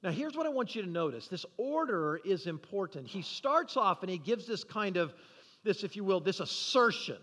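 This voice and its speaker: A man's voice: high voice, big pitch swings, normal speed, fairly bright tone. A man preaching a sermon as pastor, talking conversationally with restarts and building emphasis. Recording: long hall reverb.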